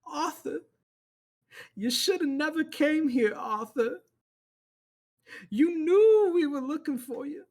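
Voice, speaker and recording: A man voicing a male cult priest who preaches in a slow, drawn-out sermon cadence. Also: extremely high pitch, expressive, darkish tone, voice pushed up, exaggerated voice. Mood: menacing.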